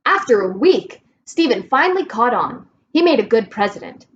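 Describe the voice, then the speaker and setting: A woman reading a children's storybook aloud, clear and expressive. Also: on the high side, moderate pace, dull audio. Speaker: reader.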